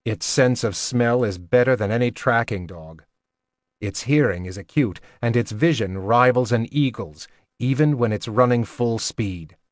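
A man voicing a wry older male assassin mentor who talks in a dry, measured, instructive way. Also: mid-range voice, dry recording, natural voice. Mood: instructing.

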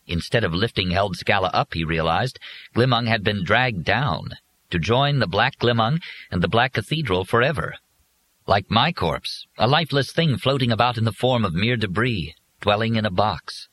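Low-voiced, expressive male audiobook narrator. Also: moderate pace, low-quality recording. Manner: expressive reading.

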